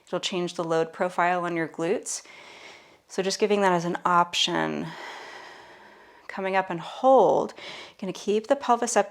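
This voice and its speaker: A woman's voice: fairly low pitch, vocal fry. A woman teaching a Pilates mat workout, cueing the moves casually and playfully while she does them herself. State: out of breath at times. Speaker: Pilates instructor. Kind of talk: guided workout instruction.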